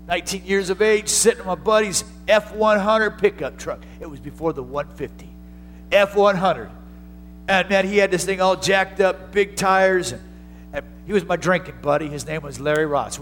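A man preaching a sermon, moving between hushed storytelling and loud, rising exhortation. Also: on the high side, poor audio. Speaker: pastor.

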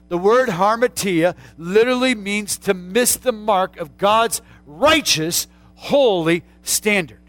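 A man's voice: high voice, a little slow. Fiery man preaching a sermon. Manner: calls out to the congregation, rising to shouts. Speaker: pastor.

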